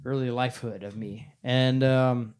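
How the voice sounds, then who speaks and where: A man with a mid-pitched, everyday voice spins long, meandering stories on a casual podcast. He wanders off on tangents and slips in dry jokes as he goes. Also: steady tone, a little slow, darkish tone, clean tone. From born in St. Louis, raised in western Oklahoma. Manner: rambling, jokey storyteller. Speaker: podcast co-host.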